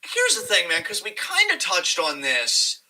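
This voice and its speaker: A man co-hosting a casual wrestling review podcast, talking in an animated, profane and rambling way. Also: high-pitched, measured pace, poor audio. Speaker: podcast co-host.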